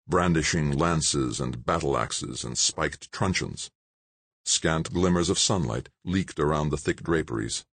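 A man narrating a novel in a measured, expressive reading. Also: rumbling low, breathy edge, no room sound. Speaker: audiobook narrator. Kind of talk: scripted narration.

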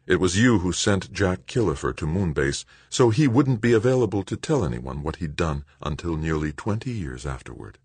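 Male narrator playing a icy, husky, low-voiced avenger, flat delivery, dry close read. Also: moderate pace, hardly any pauses, no room sound, full character voice. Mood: cold. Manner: cold, hushed, flat. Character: cold vengeful bitter woman.

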